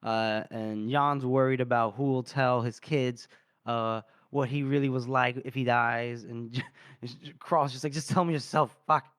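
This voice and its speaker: A man co-hosting a book podcast, retelling scenes in a casual, animated way and acting out the characters' lines with laughs. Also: medium pitch, a little slow, clear, resonant tone, dry recording, clean studio sound. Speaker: podcast co-host.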